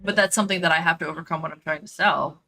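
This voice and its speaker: Bright-voiced woman rambling while gaming. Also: lowish voice, fairly even intonation, very fast, low-quality recording. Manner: rambling, filler-heavy, thinking aloud. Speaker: dog trainer. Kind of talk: casual chat while gaming.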